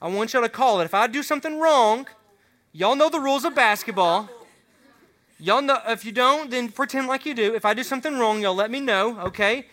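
A man's voice: very high voice, fairly quick. A man giving a casual, joking sermon to students as a youth pastor. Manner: casual, joking, excitable, talks straight to the students. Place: room with a student audience.

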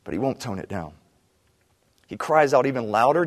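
A man preaching a sermon as pastor, animated, acting out cries of the people he describes. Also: medium pitch, normal speed, big-room sound.

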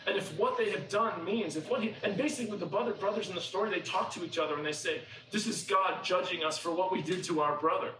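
A man's voice: high voice, fast, hardly any pauses, echoey room, distant mic, background noise. A man preaching a sermon, telling a story conversationally and acting out what the people in it say. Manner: conversational storytelling, acts out quoted characters.

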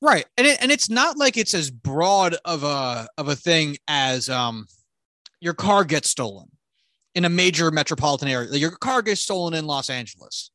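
Animated, rambling man reviewing a movie. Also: on the high side, moderate pace, no room sound. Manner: rambling, profane, animated retelling. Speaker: podcast co-host. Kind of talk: casual movie review chat.

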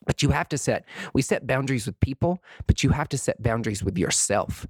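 A man's voice: medium pitch, a little fast, husky, no room sound. Guy in his late 30s rambling on his podcast, emotional, lots of likes and you knows, dry close sound. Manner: expressive, emotional, chatty with many fillers. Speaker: podcast host. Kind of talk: reflective solo podcast monologue.

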